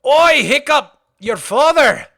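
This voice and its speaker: A man's voice: extremely high pitch, animated, slow pace, sharp tone, voice pushed up, full character voice. Man doing a jolly Scottish-style cartoon blacksmith.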